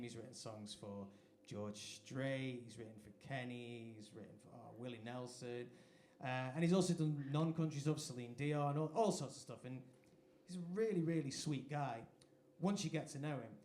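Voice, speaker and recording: An English singer-songwriter chats on a live music venue stage between numbers, sharing a self-deprecating anecdote. His voice is dark in tone and medium in pitch, at normal speed. The recording echoes like a live venue and carries a little hiss or hum.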